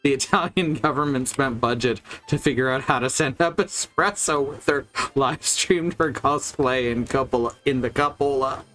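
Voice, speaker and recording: A man's voice: mid-range voice, moderate pace, few pauses, fairly bright tone. A man streaming a video game, chatting casually with a rambling, wry manner and casual swearing. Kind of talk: casual gameplay chat.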